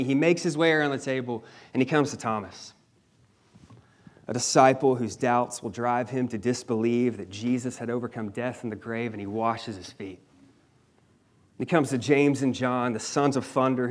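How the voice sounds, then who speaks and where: Emphatic male preacher telling a scripture story. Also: mid-range voice. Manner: emphatic, dramatic storytelling with shifting volume; casual slang asides. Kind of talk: sermon.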